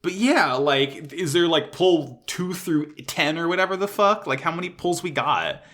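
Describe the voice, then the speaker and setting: A man co-hosting a casual anime recap podcast, swearing freely and getting excited as he retells scenes. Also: on the high side, moderate pace. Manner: profane, excitable, voices characters loosely. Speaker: podcast co-host.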